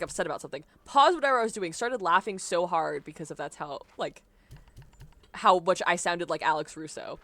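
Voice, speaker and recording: A young woman chats casually through a live game stream, rambling from one story to the next and laughing often. Her pitch sits a little low but swings widely, with a bright, forward tone. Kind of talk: casual live-stream chat while gaming.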